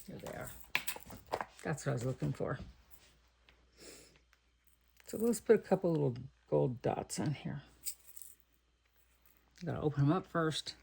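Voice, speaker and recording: A woman's voice: deep voice, animated, normal speed, gravelly, long pauses, mellow, a little hiss or hum. A middle-aged woman from Texas chatting casually and thinking aloud while she makes greeting cards. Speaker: card-making crafter. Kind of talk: casual crafting chat.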